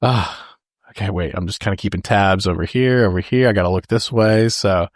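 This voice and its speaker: A man's voice: fairly low pitch, brisk, no echo, clean studio sound. A man co-hosting a podcast, laid-back and conversational, talking a movie over with his co-host. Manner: laid-back, conversational, addresses listeners as folks. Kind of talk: casual movie-discussion chat.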